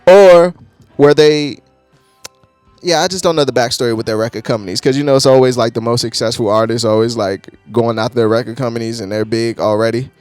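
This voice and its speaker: A man casually reviewing an album, profane and quick to laugh, with excitable bursts. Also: medium pitch, clear, resonant tone, dry recording, faint music behind. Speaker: album reviewer, channel host. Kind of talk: casual music review talk.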